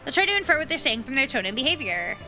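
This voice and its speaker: Mulher lendo heroína jovem e animada. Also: female voice, sits high, sing-song, very fast, sharp tone, faint music behind, heavily acted. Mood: thoughtful. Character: cheerful young heroine stylist.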